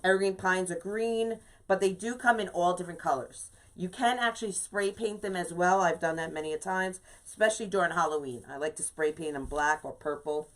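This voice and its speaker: A woman's voice: lowish voice, fairly quick, few pauses. Chatty woman hosting a craft livestream. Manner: chatty, greets viewers by name, lots of "okay?". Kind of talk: casual live-stream craft tutorial.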